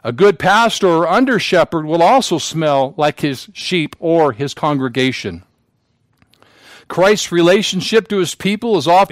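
Male pastor, fairly high voice, solemn emphatic sermon delivery, dry recording. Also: no room sound. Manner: preaching with solemn emphasis and repetition. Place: church sanctuary.

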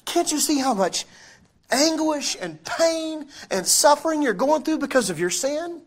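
A man preaching voices Jesus pleading with people in anguish, his voice pushed high and drawn out. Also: lively intonation, a little slow, heavily acted.

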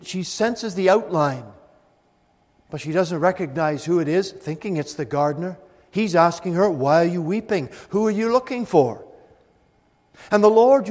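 A man with a high voice preaches slowly and deliberately, stretching out his phrases. He swells to loud, emphatic peaks and then sinks to hushed, low tones. The sound carries a long reverb, like a big hall. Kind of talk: sermon.

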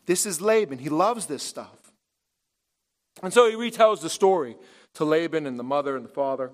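A male pastor preaches in a notably high voice, building to loud, emphatic points. Then he drops to a hush for effect. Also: animated, moderate pace, pauses often. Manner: emphatic, rising and dropping for effect. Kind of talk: sermon.

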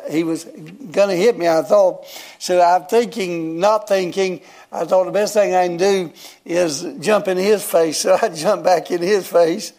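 A man's voice: high-pitched, darkish tone. A man, telling a personal story in a folksy, rambling sermon and chuckling often. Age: 70s. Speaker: guest preacher.

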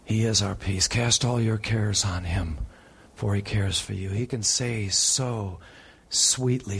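Preacher guy giving a sermon, bit husky, gets loud then goes real quiet. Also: on the low side, measured pace. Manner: preaching with sharp swings from loud urgent peaks to hushed tones.

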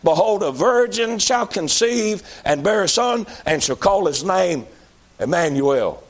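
High-pitched preacher, folksy and emphatic. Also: male voice, expressive, a little slow. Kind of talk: sermon.

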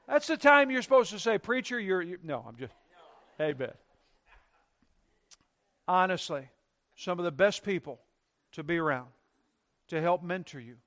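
Male pastor, high voice, emphatic sermon delivery in a church. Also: lively intonation, normal speed, pauses often. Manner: emphatic preaching with sweeping loud and soft swings.

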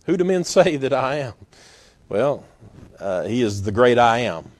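A man preaching a sermon in a folksy, storytelling way, acting out scenes with sudden loud bursts. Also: medium pitch, big pitch swings, unhurried, pauses often.

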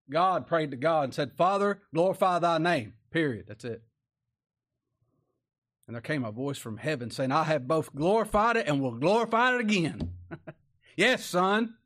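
A male preacher giving a sermon in a folksy, plain-spoken way, driving his points home with repeated rhetorical questions. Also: medium pitch.

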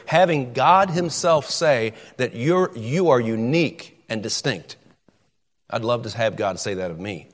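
A man's voice: fairly high pitch, a bit bright, in a large hall. A man preaching a sermon, emphatic and repeating words as he drives his points home.

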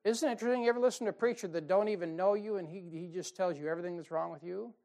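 A man preaching a folksy, emphatic sermon, with sudden loud bursts and mocking quotes. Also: high-pitched, very fast, creaky. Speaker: pastor. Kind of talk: fiery sermon.

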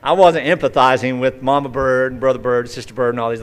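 A man's voice: medium pitch, steady tone, fast, few pauses, clear, resonant tone. A male pastor preaching a conversational sermon, telling folksy stories with vivid acted-out asides.

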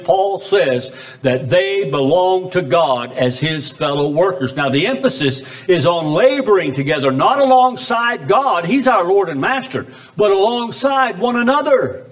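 Male pastor, high voice, emphatic sermon delivery with wide pitch swings. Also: animated. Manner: preaching with sweeping pitch swings, drawn-out emphatic phrases. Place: church chapel.

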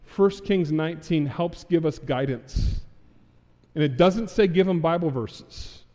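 A man's voice: fairly high pitch, measured pace, mellow, big-room sound. A man preaching a sermon, acting out Bible figures in casual modern speech. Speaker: pastor. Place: church sanctuary.

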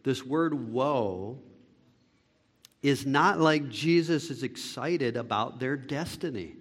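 A man preaching a sermon as pastor, swinging between loud, fervent lines and hushed ones, with deliberate phrasing. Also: medium pitch. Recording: long reverb of a hall.

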